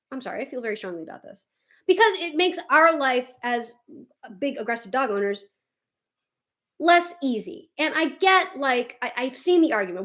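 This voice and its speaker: A woman's voice: sits high, big pitch swings, moderate pace, pauses often, a bit bright. A young woman chatting casually while doing her makeup, rambling and swearing freely as she gets heated. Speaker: vlogger doing a makeup tutorial.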